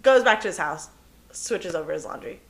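A young woman co-hosting a podcast, telling a story in casual chat, animated and cursing freely, laughing as she goes. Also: lowish voice, brisk, vocal fry, background noise. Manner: animated, swears often, laughs through her story. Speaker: podcast co-host.

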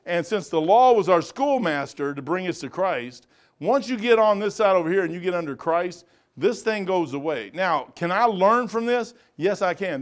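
A man's voice: high-pitched, animated, moderate pace. Emphatic folksy preacher man. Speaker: pastor. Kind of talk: Bible study preaching.

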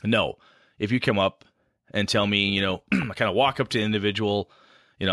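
A man's voice: deep voice, quick pace, pushed and bright, dry recording, studio quality. A man talking casually on a podcast about running tabletop games, rambling and self-deprecating.

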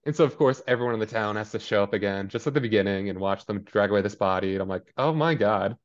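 A man with a slightly low voice chats through a TV episode for a podcast, jumping into character bits as he goes. The recording sounds dull and lo-fi. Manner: animated, acts out characters in quick asides. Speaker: podcast co-host. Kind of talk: casual recap chat.

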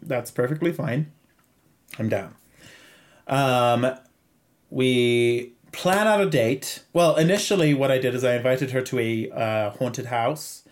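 A man's voice: mid-range voice, measured pace. Young Zimbabwean man telling a story. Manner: animated, laughs often, puts on voices for quoted people. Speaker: podcast guest. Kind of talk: casual storytelling.

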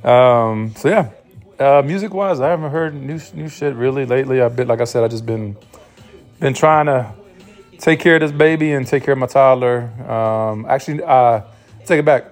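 A man's voice: medium pitch, moderate pace. Rambling, cursing man with faint music. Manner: loose, rambling and profane, with many restarts. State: sleep-deprived new father. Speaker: podcast host. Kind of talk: casual solo monologue.

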